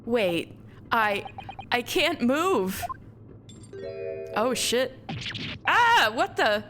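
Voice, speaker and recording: Young woman streamer, slow and giggly, game music going. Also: a little high, very animated. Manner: giggly, reads characters aloud with put-on voices. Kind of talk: let's play, reading dialogue aloud.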